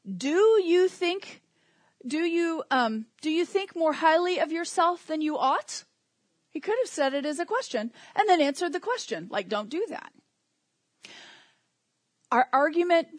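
A woman delivers a sermon in a conversational tone, mixing scripture with humorous everyday asides. Her voice sits fairly high. The recording is close and dry, with almost no room sound. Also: no echo. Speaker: preacher.

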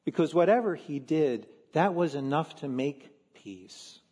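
A man, a pastor from Philadelphia, preaching a sermon in an earnest, measured way with slow emphatic stresses. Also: on the high side, lively intonation, dark tone, slightly rough, long reverb tail.

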